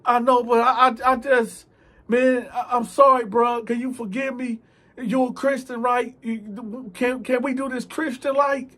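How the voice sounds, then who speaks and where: A man's voice: very high-pitched, level tone, measured pace, sharp tone, voice pushed up, exaggerated voice. Scared, whining male inmate with a raised, pleading voice, put on by a man telling the story. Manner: whiny, stammering, begging. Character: frightened pleading male inmate caught stealing.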